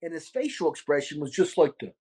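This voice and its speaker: Man with a baltimore accent, podcast host, animated, swears a lot, acts out quotes. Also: fairly high pitch, fast talker, breathy edge. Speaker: podcast host, restaurant owner. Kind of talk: casual storytelling chat.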